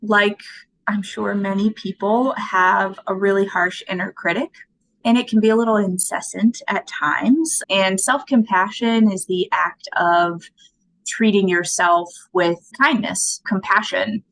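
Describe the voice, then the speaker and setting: Woman, podcast guest, soft-spoken, thoughtful, casual chat. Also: mid-range voice, fairly even intonation, unhurried, slight background noise, poor audio. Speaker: guest potter.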